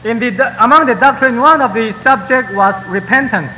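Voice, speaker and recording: Man, sermon interpreter, bright sharp voice, long hall echo, faint noise. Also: extremely high pitch, brisk. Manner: follows the preacher phrase by phrase, with fillers and restarts.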